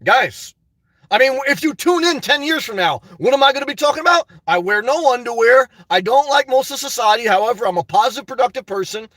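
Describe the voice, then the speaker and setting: A man's voice: very high-pitched, expressive, brisk, fairly bright tone, dry recording. A man venting and telling stories to his viewers in a rambling, casual monologue, often calling them "guys.". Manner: rambling, storytelling, frequent "guys" asides and laughs. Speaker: YouTuber.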